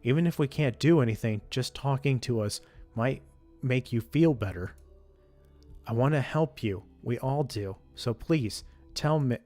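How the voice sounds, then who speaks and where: A man's voice: mid-range voice, a little slow, mellow, soft background music, close to an everyday voice. A man voicing earnest worried college girl Yo. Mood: pleading. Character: earnest young female college student, worried and caring.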